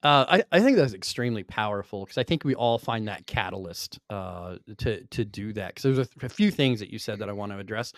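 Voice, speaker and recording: A man hosting a podcast who responds to his guest in a relaxed, candid way, sharing his own experience. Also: lowish voice, brisk, hardly any pauses, no room sound, studio quality. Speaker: podcast host. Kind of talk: casual podcast interview.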